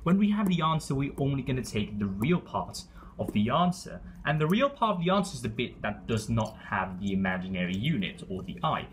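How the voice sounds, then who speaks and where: A maths tutor works through a problem step by step, pointing at each term as he writes it. His mid-range voice is sing-song and fairly quick, with a little hiss or hum in the recording.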